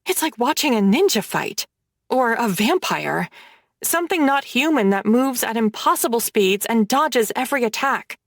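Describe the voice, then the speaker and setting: A woman reading a dark romance audiobook in first person, with dramatic storytelling. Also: a little high, sing-song, moderate pace, no echo, studio quality. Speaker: audiobook narrator.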